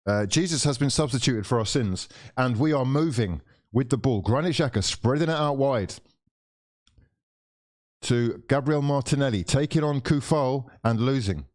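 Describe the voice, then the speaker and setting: Calling a live match for his watchalong audience, this man reacts with sighs, curses and exaggerated despair. He's animated and medium-pitched, talking at a normal speed in a slightly mellow tone.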